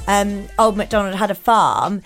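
A woman's voice: mid-range voice, steady tone, moderate pace, a bit bright, soft background music. A woman co-hosting a casual chat podcast, giggly and chatty, often breaking into squeals. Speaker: podcast co-host.

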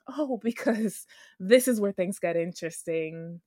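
A podcast co-host chats casually about a reality show, acting out what people said in exaggerated voices. Her mid-range voice is expressive and a little mellow at a normal speed, recorded clean in a studio with no room sound.

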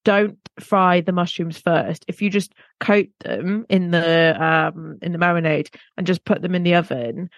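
Chatty woman, lower voice, dry sound. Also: fairly even intonation, measured pace, hardly any pauses, no echo, lo-fi sound. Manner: chatty, self-mocking, rambling asides. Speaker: podcast co-host. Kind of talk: casual chat.

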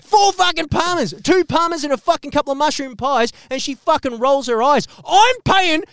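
An Australian man hosting a podcast, delivering a profane, animated comedic rant and swearing constantly. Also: extremely high pitch, moderate pace, no echo, studio quality. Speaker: podcast host.

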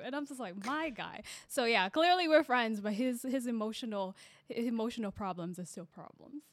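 A bubbly young woman hosts a casual podcast chat, laughing often. Her voice sits fairly high and swings widely in pitch. It is recorded dry and close on a podcast mic. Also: expressive, moderate pace, dry recording. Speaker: podcast host.

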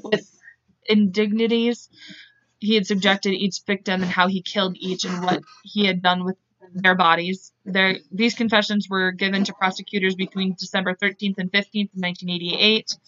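A woman co-host reads through a true-crime case in a casual way, often tripping over words and laughing at her own slips. Her voice is bright and sharp, and the recording is dry and a little dull, like a lo-fi home setup. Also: mid-range voice, level tone, moderate pace, no room sound. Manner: reads notes aloud, trips over words and laughs at herself. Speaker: podcast co-host.

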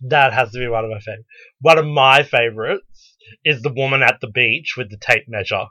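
A man's voice: mid-range voice, normal speed, sharp tone, dry recording. A man co-hosting a casual podcast chat, telling blunt, joking stories with lots of animation. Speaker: podcast co-host. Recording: dull lo-fi recording.

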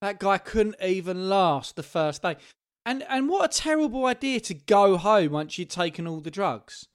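A man's voice: high-pitched, sing-song, normal speed, clear, resonant tone. A man in casual chat, reacting to a story with laughs and short agreement.

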